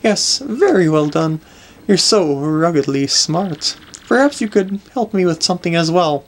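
A man's voice: high voice, animated, measured pace, pitched above the performer's own voice. A man voicing a flirtatious, refined lady in a video game, genteel and fawning. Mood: flirty.

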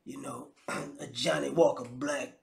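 Guy ranting on his vlog, mocking, laughing, gravelly, roomy echo. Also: medium pitch, fairly even intonation, unhurried. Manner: mocking, incredulous, repeats words, laughs often. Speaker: commentary vlogger. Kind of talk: casual comedic rant.

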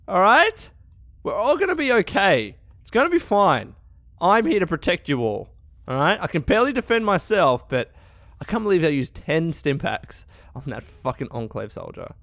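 Young male let's-player, high and bright, wildly swinging delivery, swears and yells at the game. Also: sing-song, normal speed, no room sound, studio quality. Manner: swearing, exasperated, shouting at enemies. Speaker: let's play gamer. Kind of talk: gameplay commentary.

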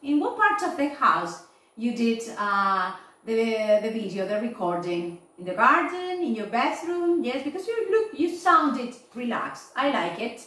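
Slow, high-voiced teacher in an echoey room. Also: female voice, big pitch swings, sharp tone, recorded from a distance. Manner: slow, repeating "yes?" and "okay?" to check understanding. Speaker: English teacher. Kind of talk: online class feedback.

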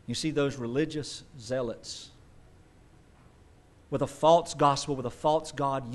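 A man preaching a sermon as pastor, emphatic and conversational, with quick asides. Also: mid-range voice.

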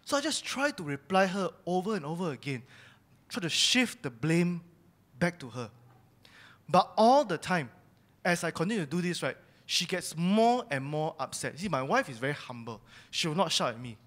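A man's voice: a little high, very animated, normal speed, a bit bright. A young man giving a personal testimony sermon at church, telling his story candidly and confessing his own faults. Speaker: church speaker sharing testimony.

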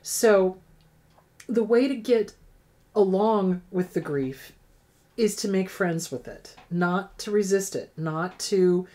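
A woman's voice: lowish voice, unhurried, dark tone. A middle-aged woman therapist hosting an advice show, answering viewer questions in a frank, emphatic way that repeats key points.

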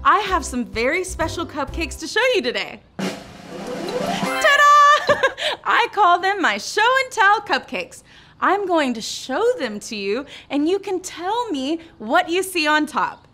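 Young woman host of a preschool Bible show, high, sunny voice, unhurried and playful, light music underneath. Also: sing-song, bright, forceful tone. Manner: exaggerated, playful, cheering on young children.

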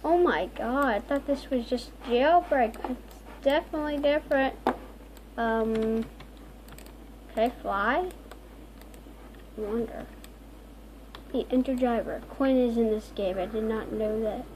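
A woman hosting gameplay commentary, talking excitably with frequent squealing exclamations. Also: on the high side, slow, pauses often, a little hiss or hum. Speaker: gaming video host.

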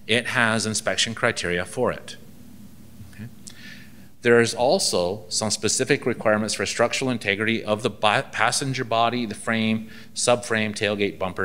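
A man's voice: fairly low pitch, bright, forceful tone, a little hiss or hum. A man, a transport ministry inspector from Canada, gives a seminar and tells anecdotes with dry humor, acting out bits of dialogue.

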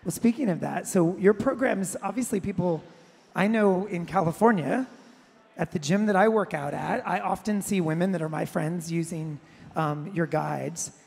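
An interviewer with a gravelly, husky voice puts long, enthusiastic questions to a guest on stage. The sound rings with a long hall reverb. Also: medium pitch, moderate pace, a little mellow. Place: large event hall with audience.

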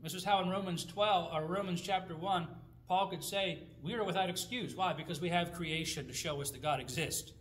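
A man with a fairly high voice teaches a Bible study. He talks conversationally, tosses rhetorical questions to his listeners and reads scripture passages aloud. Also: fairly quick, fairly bright tone, slight background noise.

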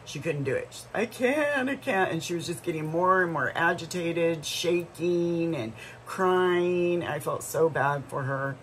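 A woman's voice: low voice, steady tone, measured pace, hardly any pauses, slight background noise, poor audio. A middle-aged woman vlogger telling a story in a casual, rambling way, full of asides and restarts.

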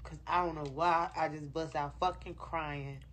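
A woman's voice: deep voice, fairly even intonation, moderate pace, background noise. A woman chatting loosely and profanely to fans on a livestream, recorded on a phone. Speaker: rapper on a livestream. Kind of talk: casual livestream chat to fans.

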